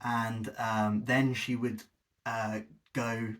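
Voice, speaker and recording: A man's voice: mid-range voice, flat delivery, drawn-out words, a bit bright, a little hiss or hum. A man hosting a video essay, giving a sarcastic, exasperated critique with mocking asides. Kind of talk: scripted-ish critical commentary.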